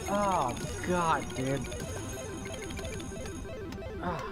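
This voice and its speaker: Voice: medium pitch, extremely slow. A live streamer chatting casually with viewers while gaming, groaning and pleading in a loose, slangy way with many repeats. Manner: squeamish, pleading and groaning at chat. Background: music.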